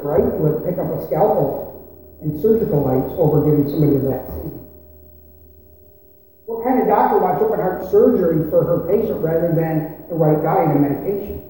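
A woman preaching a conversational sermon, asking rhetorical questions and pausing for effect. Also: deep voice, warm tone, slight background noise. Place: church sanctuary. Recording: echoey hall, mic at a distance.

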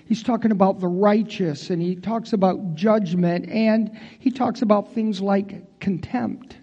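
A man's voice: high voice, unhurried, dark tone, slightly rough, lo-fi sound. A pastor preaching a conversational sermon in a folksy way, talking straight to his congregation.

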